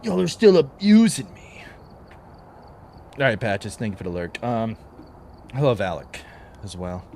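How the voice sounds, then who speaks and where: Young guy streamer, super animated, bickering with chat all playful. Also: mid-range voice, unhurried, pauses often, slight background noise. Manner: animated, mock-exasperated banter with chat. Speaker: game streamer. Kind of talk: casual live-stream chat.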